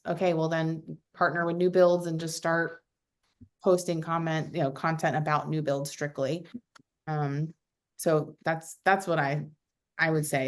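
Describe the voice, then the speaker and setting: Chatty woman giving advice on a video call. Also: sits low. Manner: chatty, animated, acts out quotes with lots of fillers. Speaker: realtor panelist.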